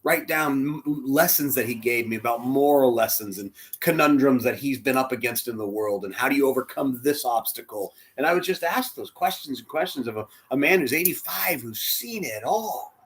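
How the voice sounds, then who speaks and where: A man leading a church, telling a heartfelt personal story in a sermon, dropping to a hush and rising loud as he acts out the quotes. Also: mid-range voice, expressive, moderate pace, few pauses. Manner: emotional, swings from hushed to loud, acts out quotes. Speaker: church spiritual leader.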